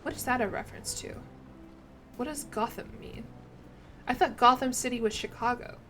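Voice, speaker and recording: A woman's voice: a little high, normal speed, sharp tone, soft background music. Chatty woman streaming a strategy game. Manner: chatty, rambling, self-deprecating, reads out chat. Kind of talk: casual gameplay stream chat.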